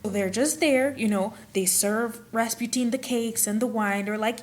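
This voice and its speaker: Animated young woman telling a story. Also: a little high, moderate pace. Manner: animated, dramatic retelling with playful asides. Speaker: history vlogger. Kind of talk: casual storytelling vlog.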